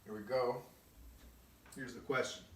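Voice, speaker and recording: A man's voice: medium pitch, fairly even intonation, measured pace, a little hiss or hum. A male chemistry teacher giving a casual recorded lesson. He explains step by step and often checks in with "okay?". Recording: echoey room, voice from a distance.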